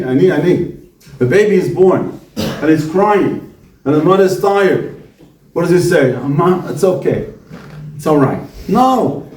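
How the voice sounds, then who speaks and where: A man's voice: on the high side, far from the mic. A man, a visiting rabbi, giving a Torah talk to students, asking questions and answering them himself. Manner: animated, asks and answers his own questions. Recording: echoey room, speaker away from mic.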